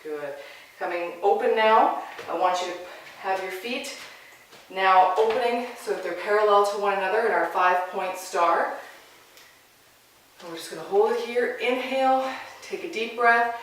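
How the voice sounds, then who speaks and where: A yoga instructor guiding a class with short, calm, encouraging spoken cues. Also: medium pitch, normal speed, slight background noise. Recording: very echoey room, mic far off.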